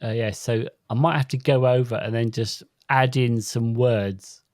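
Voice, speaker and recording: Male podcast co-host, middle pitch, dry close mic, halting restarts, wry humour. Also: steady tone, darkish tone, no room sound. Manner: halting, stumbles and restarts words; jokey, wry asides. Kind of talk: casual podcast chat.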